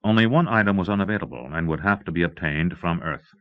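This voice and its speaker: A man reading a novel aloud in a steady, measured narration, on an old cassette recording. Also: sits low. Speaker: audiobook narrator. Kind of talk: scripted audiobook narration. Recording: dull lo-fi cassette audio.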